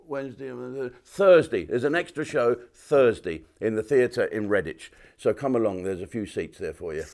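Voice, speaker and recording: A man's voice: mid-range voice, darkish tone. An older man, a comedian talking casually to camera with a clip-on mic, rambling and telling jokes. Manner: chatty, rambling, joke-telling. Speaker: comedian and host.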